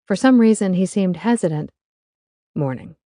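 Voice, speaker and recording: A woman's voice: on the low side, steady tone, normal speed, mellow, no echo. A woman narrating a first-person romance audiobook in a wry, confiding way.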